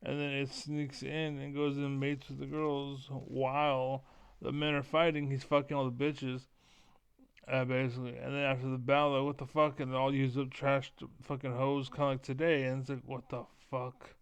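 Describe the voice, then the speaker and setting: A man streaming a casual, profane rant that rambles, with filler words repeated over and over and the throat often cleared. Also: mid-range voice, completely flat delivery, normal speed, no echo.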